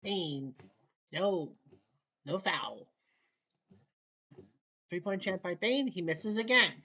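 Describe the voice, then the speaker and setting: A woman's voice: fairly low pitch, husky. Clipped play-by-play woman from Canada. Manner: clipped, rapid calls, wry asides, rising excitement near the end. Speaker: play-by-play commentator. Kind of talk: casual solo play-by-play of a basketball video game.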